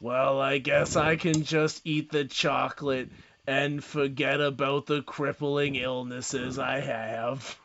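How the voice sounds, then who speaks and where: A man voicing a bored female goblin security secretary in a tabletop game, dry and deadpan. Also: mid-range voice, slow, slight background noise. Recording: dull lo-fi sound.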